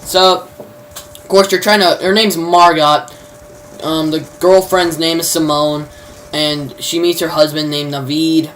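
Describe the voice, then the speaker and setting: A man's voice: fairly high pitch, steady tone, measured pace, fairly bright tone, slight background noise, poor audio. A man reviewing a TV show in a loose spoken recap, rambling and leaning constantly on "you know" fillers. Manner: informal, mild swearing substitutes.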